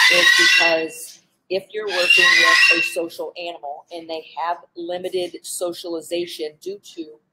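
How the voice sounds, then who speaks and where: Low-voiced woman hosting a casual live stream. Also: pushed and bright, a little hiss or hum, low-quality recording. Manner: earnest, thinking aloud with frequent ums and restarts. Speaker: animal behavior specialist hosting a live stream. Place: indoors with animals around.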